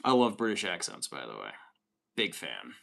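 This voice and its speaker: Bright, upbeat American man streaming. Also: low voice, huge pitch swings, moderate pace, vocal fry. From United States. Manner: upbeat, reads chat messages aloud. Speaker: livestream host. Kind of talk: casual livestream chat.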